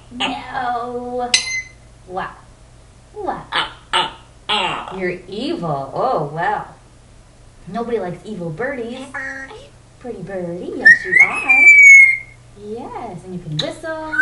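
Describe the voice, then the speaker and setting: A woman talking to her pet parrot in a coaxing, sing-song baby-talk voice, praising and prompting it. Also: fairly high pitch. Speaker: pet owner. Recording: roomy, distant home-camera sound with loud noise.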